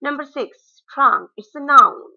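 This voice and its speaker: A woman teacher, reading out English words and their meanings slide by slide in a measured classroom cadence. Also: high voice, animated, gravelly, bright, forceful tone. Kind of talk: slide-based vocabulary lesson. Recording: dull lo-fi recording.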